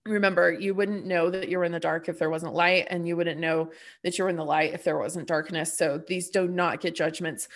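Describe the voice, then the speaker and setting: A woman's voice: on the low side, fairly even intonation, fairly quick. A woman hosts her own podcast and talks through a loose spiritual monologue straight to her listeners. Her speech rambles with fillers. She turns blunt and profane whenever she pushes a point. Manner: chatty, full of "like" and "you know". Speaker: podcast host.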